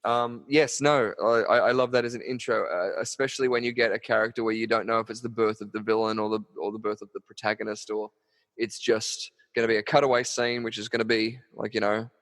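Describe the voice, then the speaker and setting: A man's voice: fairly low pitch, little pitch movement, fast, fairly bright tone, long reverb tail. A man co-hosting a podcast, rambling casually about a horror film with many fillers. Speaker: podcast co-host.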